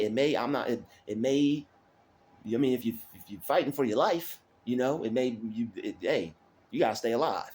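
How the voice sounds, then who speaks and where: A man's voice: mid-range voice, a little mellow. A man giving a loose, repetitive motivational talk in casual streetwise slang, preaching encouragement to his viewers. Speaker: motivational vlogger.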